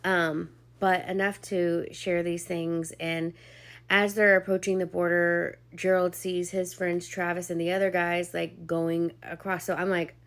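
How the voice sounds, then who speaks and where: Young woman, lower voice, casual chatty storyteller, emotional testimony vlog. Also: flat delivery, a little slow, a bit bright. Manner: chatty, heavy on "like" and "um", acts out quoted dialogue. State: emotional, near tears at points. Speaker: vlogger sharing a personal testimony.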